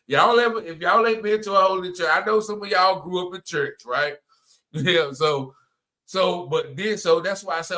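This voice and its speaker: Bright-voiced man testifying. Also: on the high side, moderate pace. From North Carolina. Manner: conversational, repeats phrases, many "you know" and "man" fillers. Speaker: person giving a testimony. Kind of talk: spoken religious testimony.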